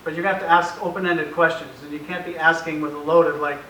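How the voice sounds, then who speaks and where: Bright-voiced man in an echoey room. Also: on the high side, little pitch movement, quick pace. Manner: anecdotal, acts out family dialogue, chuckles often. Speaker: speaker at a parent presentation. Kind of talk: informal presentation to parents. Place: meeting room with an audience. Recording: roomy echoey room, faint hiss, mic far off.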